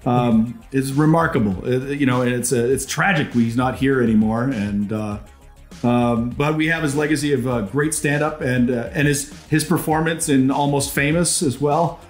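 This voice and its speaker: A man's voice: mid-range voice, fairly even intonation, normal speed, soft background music. Canadian man hosting in an echoey room. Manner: rambling, laughs often. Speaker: podcast host. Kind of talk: casual chat.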